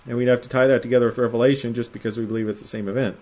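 Here a man gives measured, explanatory Bible teaching verse by verse, slowing to emphasize quoted phrases. He has a mid-range voice with a steady, slightly mellow tone.

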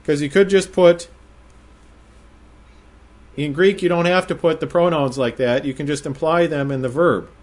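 A man giving verse-by-verse Bible teaching in a measured, explanatory way, slowing down to stress quoted phrases. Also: fairly high pitch, steady tone.

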